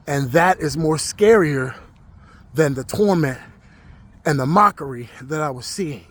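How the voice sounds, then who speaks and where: Earnest man recounting a frightening dream. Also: on the high side. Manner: earnest, emotional, slows down for emphasis. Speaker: Christian social media creator.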